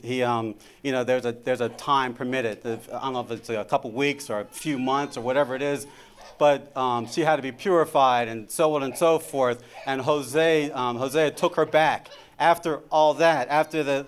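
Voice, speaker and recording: A man's voice: mid-range voice, steady tone, normal speed. A middle-aged man giving an informal sermon about marriage, talking conversationally and often repeating his words.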